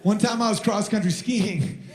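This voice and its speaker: A man in his thirties doing a rambling stand-up comedy set on stage, telling stories about his toddler and shouting the child's lines in a high voice. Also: moderate pace, background noise. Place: live venue with audience. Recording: roomy live venue sound.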